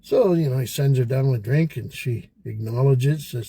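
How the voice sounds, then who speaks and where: An older man chatting on a podcast, telling jokes slowly with many pauses and fillers. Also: mid-range voice, creaky, mellow, breathy edge, dry recording. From Canada. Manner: slow and halting, hesitates with fillers. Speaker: podcast guest. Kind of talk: casual joke-telling chat.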